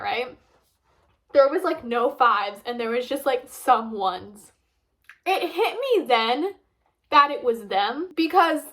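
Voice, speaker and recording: A woman's voice: high-pitched, fairly bright tone. A young woman vlogging casually, rambling chattily with lots of fillers while reviewing food.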